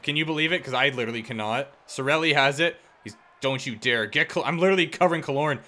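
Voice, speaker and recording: Bright-voiced young man yelling at hockey game. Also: medium pitch, fast. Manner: excitable, yells at plays, self-deprecating. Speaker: gaming YouTuber. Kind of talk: live gameplay commentary.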